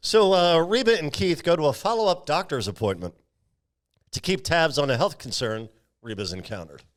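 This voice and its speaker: A man's voice: fairly high pitch, animated, moderate pace. A man hosting a podcast, recapping a film in casual chat with frequent jokes and laughter. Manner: jokey, laughs often.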